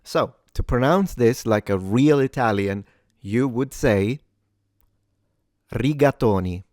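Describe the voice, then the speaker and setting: A man hosting a pronunciation lesson, repeating words slowly and carefully and then explaining them. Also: medium pitch, a little mellow, dry recording, clean studio sound. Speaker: pronunciation teacher, host.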